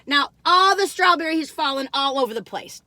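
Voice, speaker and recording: A woman's voice: sits high, animated, brisk, bright, forceful tone, no room sound. An older woman, chatting casually and rambling to viewers while reviewing food in her car.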